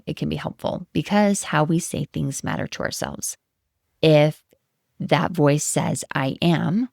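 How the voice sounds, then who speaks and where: Low gravelly-voiced woman coach. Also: dry recording, studio quality. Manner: gentle, encouraging, reflective. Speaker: life coach, podcast host. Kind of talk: solo podcast talk.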